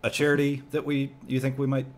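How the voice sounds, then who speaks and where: A man hosting a casual group podcast, joking and reading news out loud. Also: mid-range voice, fast talker. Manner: animated, joking, reads news aloud. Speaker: podcast host.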